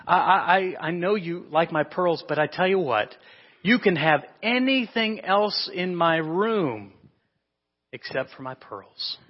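A woman's voice: on the low side, expressive, measured pace, voice pushed up. A man voicing a sweet five-year-old girl who begs and pleads. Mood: anxious. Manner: begging, sweet. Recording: dull echoey church recording.

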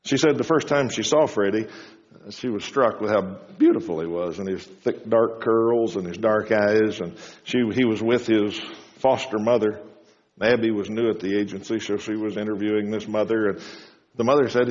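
A man delivers a sermon in a homespun storytelling way, lifting his voice high for quoted lines. The sound is dull and lo-fi, with a long reverb trailing each phrase. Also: normal speed. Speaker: preacher.

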